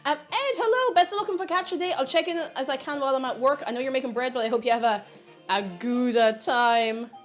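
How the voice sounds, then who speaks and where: A woman's voice: sits high, steady tone, rapid-fire, few pauses, faint music behind. A woman chatting bubbly on a livestream, reading chat messages aloud while she bakes. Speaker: streamer.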